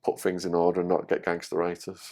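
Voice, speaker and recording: A man telling his story as a podcast guest, animated and swearing freely. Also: low-pitched, fast.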